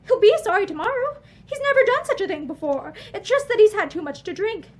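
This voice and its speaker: A woman's voice: very high-pitched, sing-song, fairly quick, pitched above the performer's own voice. A woman voicing a frightened, timid young wife who pleads in strained bursts in a storybook reading. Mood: pleading.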